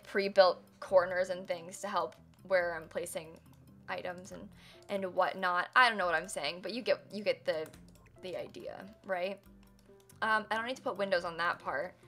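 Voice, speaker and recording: A woman's voice: on the low side, fairly bright tone. A woman live-streaming a building game, chatting casually with her viewers, giggling and teasing herself as she works. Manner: chatty, giggly, self-mocking, talks to chat.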